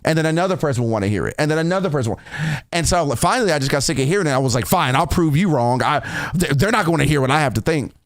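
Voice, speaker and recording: A man's voice: a little high, lively intonation, racing, no room sound. A young man hosting a reaction video, telling a personal story in a candid, casual way, swearing often and restarting sentences.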